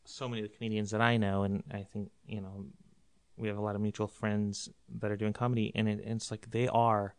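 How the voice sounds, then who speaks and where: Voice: mid-range voice, level tone, a little fast, clear, resonant tone, dry recording. A comedian guest talking casually on a podcast, rambling with many fillers and restarts.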